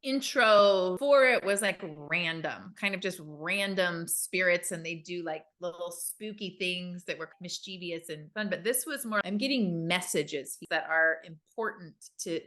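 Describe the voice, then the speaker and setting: Bright-voiced woman telling a story. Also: fairly low pitch, a little slow, few pauses. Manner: animated, acts out quoted voices. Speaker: podcast co-host. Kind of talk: casual storytelling chat.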